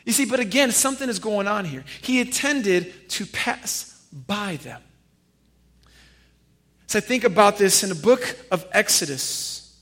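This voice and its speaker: A man preaching a sermon as pastor, animated and firing rhetorical questions at his congregation. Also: sits high. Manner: addresses listeners familiarly.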